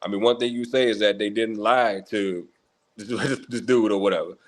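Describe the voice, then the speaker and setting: A man's voice: lowish voice, fairly even intonation, normal speed. A man appearing as a guest on a podcast, talking in a laid-back, hesitant way. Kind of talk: casual chat.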